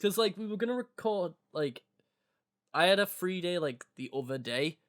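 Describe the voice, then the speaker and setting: Young male co-host, congested from a cold, relaxed joking chat, slightly high-pitched. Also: normal speed. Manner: joking, animated storytelling. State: congested from illness. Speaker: podcast co-host. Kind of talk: casual chat.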